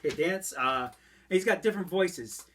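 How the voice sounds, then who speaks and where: Dad chatting thru a toy review at home, laughs a lot, loud noisy background on the camera mic. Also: male voice, sits high, lively intonation, normal speed. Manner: chatty, laughs often, demonstrates as he goes. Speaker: father reviewing a toy with his child. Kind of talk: casual toy unboxing and review. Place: room at home.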